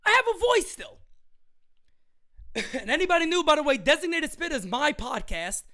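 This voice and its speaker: A young man hosting a fan livestream of a live game, excitable and loud, swearing freely and laughing often. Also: very high-pitched, moderate pace. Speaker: livestream host.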